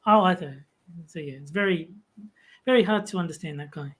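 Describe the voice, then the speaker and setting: A speaker from Australia chatting casually in an online group chat, relaxed and explaining. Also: mid-range voice, fairly quick, slightly rough.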